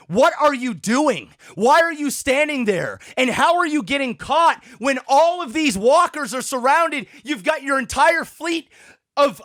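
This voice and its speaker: A man hosting a podcast, giving a profane, exasperated rant about a TV episode, worked up and sweating, with shouted outbursts. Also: very high-pitched. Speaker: podcast host. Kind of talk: ranting show reaction.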